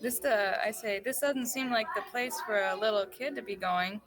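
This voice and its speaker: A woman's voice: medium pitch, moderate pace, over music. A woman playing a tabletop game, speaking hesitantly and unsure.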